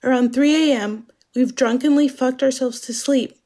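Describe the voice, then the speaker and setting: A woman with a fairly high voice delivers a scripted dramatic monologue. She speaks slowly and in a measured, introspective way. She is from Germany. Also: fairly even intonation, mellow. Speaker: narrator.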